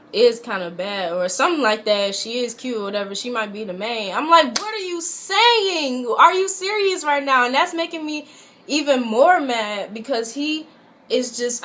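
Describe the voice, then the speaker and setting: A woman's voice: mid-range voice, a little hiss or hum. Chatty young woman telling a story. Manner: chatty, animated, lots of "like" fillers. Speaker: vlogger. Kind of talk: casual storytime vlog.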